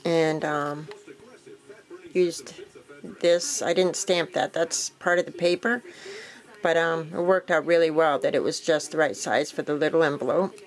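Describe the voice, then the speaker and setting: A woman casually walking viewers through a craft project, relaxed and rambling, with frequent fillers and self-corrections. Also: low voice, measured pace, poor audio. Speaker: crafting vlogger. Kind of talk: casual show-and-tell walkthrough.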